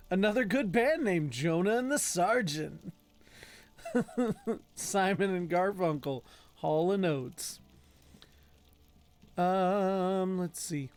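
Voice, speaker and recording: A man streaming a game, reading in-game notes aloud at a slow, unhurried pace. His voice sits high for a man. He trips over strange names and drops joking asides between passages. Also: lively intonation, darkish tone. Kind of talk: casual gameplay commentary.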